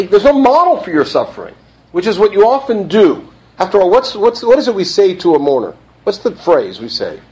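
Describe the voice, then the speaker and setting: A man teaching a text study, reading verses slowly and then explaining them in casual speech. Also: medium pitch, a little mellow, breathy edge, low-quality recording. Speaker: Bible teacher.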